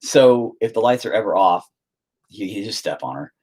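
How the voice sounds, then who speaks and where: A man's voice: on the low side, expressive, normal speed, a little mellow, breathy edge. A man chatting casually while he paints, rambling and joking with frequent swearing. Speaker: painting streamer.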